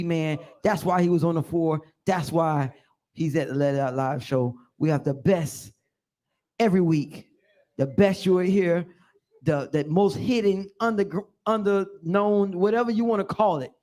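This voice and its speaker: A man hosting a live radio show, talking fast and hyped up as he gives slangy shout-outs. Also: high voice. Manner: excited, hype shout-outs in slangy talk.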